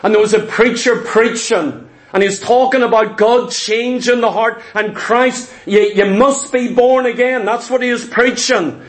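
A man's voice: very high-pitched, fairly even intonation, unhurried, hardly any pauses. A man preaching a sermon, telling stories with acted quotes and frequent stammered restarts.

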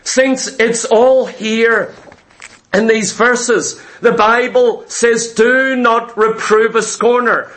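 A man preaching a sermon, emphatic, firing rhetorical questions and slowing down on key words. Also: very high-pitched, steady tone, fairly bright tone. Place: church.

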